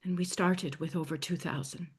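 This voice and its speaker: A woman telling a dramatic story in the first person, speaking in a hushed voice that often sinks to a soft near-whisper. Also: lowish voice, fairly even intonation, normal speed, slightly rough.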